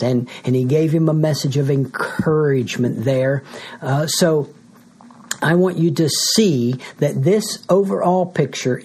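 A man's voice: a little high, darkish tone, breathy edge. A man pastor preaching a sermon, explaining scripture in an earnest teaching manner, often repeating words as he goes.

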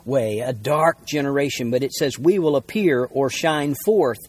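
A male pastor teaching a sermon, reading scripture aloud and explaining it with many pauses and repeated words. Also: medium pitch, darkish tone, husky. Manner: unscripted teaching with frequent uh fillers and repeated words.

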